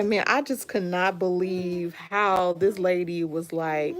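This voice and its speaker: A young adult woman chatting casually with viewers during a livestream, animated and talkative, thanking people by name and sliding into baby talk with her son. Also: lowish voice, slow, few pauses. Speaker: livestream host.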